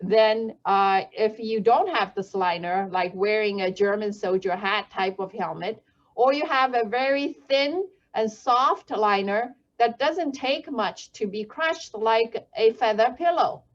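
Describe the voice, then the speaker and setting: A woman whose first language is Chinese talks through safety research in a slow, careful way, pausing on fillers and correcting herself as she goes. Her voice sits a little high. The audio is dull and lo-fi. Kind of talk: explanatory talk.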